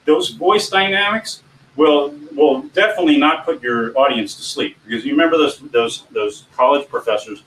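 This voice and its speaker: A man coaching people on giving presentations in an informal teaching talk, animated and often swinging his voice up and down. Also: medium pitch, normal speed. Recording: echoey room, distant mic, faint background hum.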